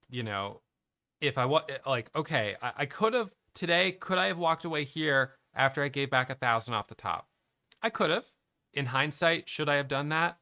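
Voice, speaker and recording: Middle-aged male trading educator, gravelly bright voice, candid and self-questioning, dry close sound. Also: on the high side, animated, normal speed, no echo. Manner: candid, self-questioning, thinking aloud with restarts. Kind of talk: reflective trading recap to camera.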